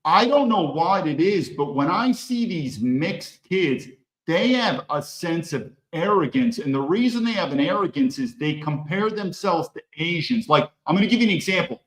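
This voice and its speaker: A man hosts a commentary stream, pushing his points bluntly and hammering on the same phrases. His voice sits a bit high for a man. It bounces around a noticeably echoey room. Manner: emphatic, blunt, repetitive. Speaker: host.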